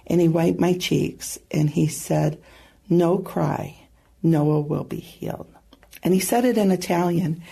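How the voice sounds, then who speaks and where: A woman guest earnestly recounting a personal testimony, with halting pauses and soft asides. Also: fairly low pitch, vocal fry, husky. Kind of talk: personal storytelling.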